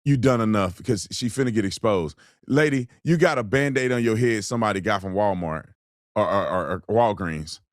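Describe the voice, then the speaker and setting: A man's voice: lowish voice, a little fast, no echo. Male host, blunt colloquial commentary, dry close-miked sound. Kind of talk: political commentary with ad read.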